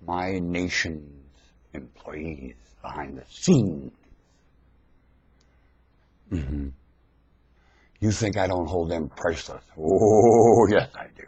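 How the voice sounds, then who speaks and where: Husky man ranting into a webcam. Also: sing-song, slow pace, long pauses. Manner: lurches between shouted high outbursts and low muttering asides; hammers rhetorical questions at the listener. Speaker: webcam monologuist. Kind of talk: preachy ranting monologue. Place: at home in front of a webcam. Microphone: webcam microphone.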